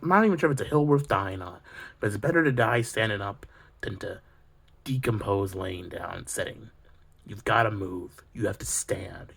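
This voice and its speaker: A man's voice: on the low side, vocal fry, fairly bright tone, slightly rough. A man delivering a heated, preachy monologue as a video creator, swearing constantly. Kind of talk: profane ranting monologue.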